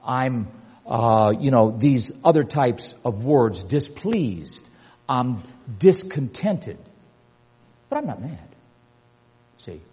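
Older man, preacher, husky voice, swooping lively delivery, long echo of a big hall. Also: mid-range voice, takes it slowly, long pauses. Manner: emphatic, repeating key words, rising to punchy peaks. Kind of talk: sermon.

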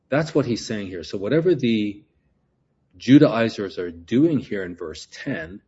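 A man's voice: on the low side, a little mellow, husky, dull audio. A man teaching a Bible passage verse by verse, explaining Greek words and often repeating himself as he works through a point.

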